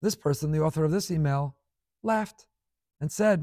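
Impassioned rabbi preaching. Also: male voice, fairly high pitch, moderate pace, long pauses, dark tone, dry recording, studio quality. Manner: impassioned, dramatic swings in volume. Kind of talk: sermon.

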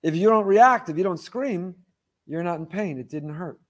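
A man's voice: high voice, animated, normal speed. A man teaching a weekly faith lecture with passion, driving his points home through repeated phrases and rhetorical questions. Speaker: Torah teacher.

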